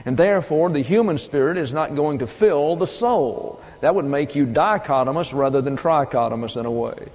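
A man's voice: fairly high pitch, animated, moderate pace, hardly any pauses, darkish tone, long reverb tail. A man preaching a methodical teaching sermon from a pulpit, working through numbered points and spelling out terms. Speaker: pastor. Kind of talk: expository Bible teaching sermon. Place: church pulpit.

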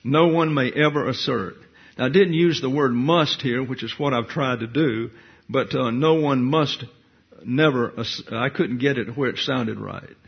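A man's voice: mid-range voice, measured pace, gravelly, husky. A man teaching a verse-by-verse Bible lecture, digressive, with wry asides and thinking aloud between points. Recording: dull lo-fi lecture recording.

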